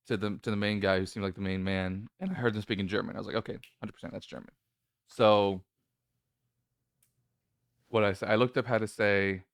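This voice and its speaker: A man's voice: on the low side, clear, resonant tone, dry recording, clean studio sound. A male podcast host telling a story in casual chat, nervous and rambling, with many restarts and a voice that cracks.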